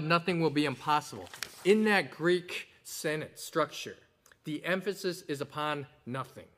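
Man, pastor preaching, earnest and explanatory, fairly high voice, casual asides. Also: fairly bright tone. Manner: earnest, explanatory, with rising emphasis on key words; conversational asides and fillers. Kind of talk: sermon.

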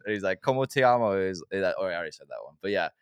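A young man co-hosting a podcast, telling stories in a relaxed, laughing way and swearing a lot. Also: deep voice, rapid-fire, smooth, no echo. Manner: laid-back, swears a lot, laughs often. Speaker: podcast co-host. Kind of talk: casual chat.

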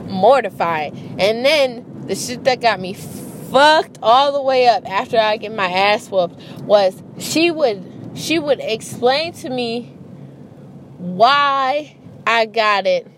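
A woman's voice: a little high, a little hiss or hum. A young adult woman telling a casual, profane story about her childhood and parenting, acting out voices as she goes. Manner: animated, profane, acts out voices.

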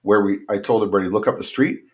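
Co-host: a middle-aged Canadian man, friendly and jokey, speaking in a low-ish voice. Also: rapid-fire, a little mellow. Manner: chatty, jokey. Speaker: podcast co-host. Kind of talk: casual chat. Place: home basement.

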